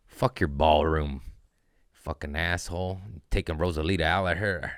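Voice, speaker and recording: With a rumbling low, steady voice at normal speed, a man performs a comedic podcast monologue, riffing and tossing in self-mocking asides before breaking into escalating profane rants. The sound is clean, studio quality, with no echo.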